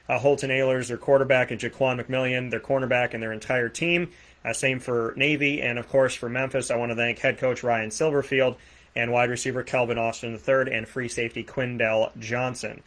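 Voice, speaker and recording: A man with a Boston accent hosting a sports talk show, rattling off plugs and shout-outs with energy. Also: mid-range voice. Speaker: host. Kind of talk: energetic radio show sign-off.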